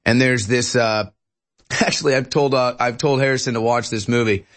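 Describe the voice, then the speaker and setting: A man hosting political commentary, talking in an animated, mocking way. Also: mid-range voice, moderate pace. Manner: mocking, puts on sneering voices. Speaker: host.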